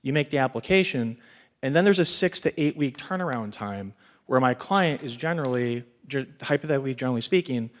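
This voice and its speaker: Nervous man at a distant mic. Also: medium pitch. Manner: nervous, halting, many restarts. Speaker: assistant public defender asking a question. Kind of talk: audience question at a panel.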